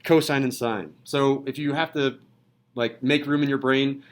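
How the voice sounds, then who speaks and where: A young man teaching a high school math class in a classroom, playful and jokey in manner. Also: fairly even intonation, moderate pace, poor audio. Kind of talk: classroom lecture.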